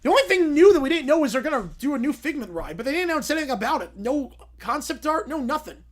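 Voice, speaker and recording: A young man hosting a casual livestream, answering viewer questions with quick reactions and frequent "yeah"s. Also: very high-pitched, big pitch swings. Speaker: livestream host reading chat.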